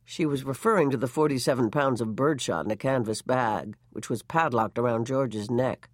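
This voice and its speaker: A reader narrating a short story in a measured, expressive way. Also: mid-range voice, no echo, studio quality. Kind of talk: story reading.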